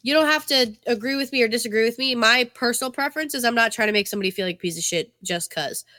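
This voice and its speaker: A woman's voice: on the high side, racing, bright, forceful tone, dry recording, studio quality. A woman from New England co-hosting a podcast, telling candid stories and swearing casually. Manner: candid, swearing, chatty storyteller. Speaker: podcast co-host.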